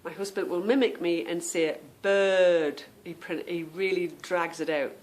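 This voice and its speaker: A woman's voice: lowish voice, fairly even intonation, normal speed. Chatty self-amused woman podcaster. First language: English. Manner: chatty and self-amused, explaining pronunciation with fillers. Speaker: podcast host. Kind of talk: casual monologue.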